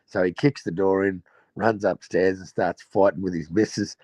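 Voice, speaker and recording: A man's voice: low voice, fairly even intonation, normal speed, a little mellow, no echo. An Australian man hosting a casual chat, telling profane stories and laughing at them. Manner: rowdy, profane storytelling, laughing at his own tales.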